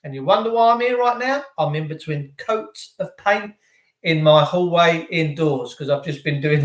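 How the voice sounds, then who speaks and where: A man hosting a live stream from home, talking to viewers in an excitable, effusive, rambling way. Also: sits high, roomy sound. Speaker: channel host. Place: indoors at home.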